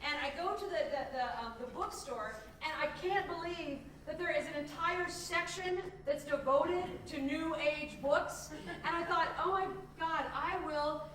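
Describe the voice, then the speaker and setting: A woman from Indianapolis performing a self-mocking comic monologue on stage, with many restarts and quick switches. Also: high-pitched, fairly bright tone, a little hiss or hum. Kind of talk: live comic storytelling monologue. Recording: echoey stage sound from far off.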